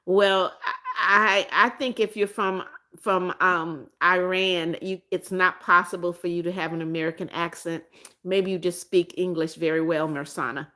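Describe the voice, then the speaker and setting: Low-voiced woman hosting a live chat. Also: fairly even intonation, moderate pace, pushed and bright. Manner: chatty, repeats greetings, frequent restarts and "um". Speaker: live-stream host and former teacher. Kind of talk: casual live-stream chat, reading out viewer comments.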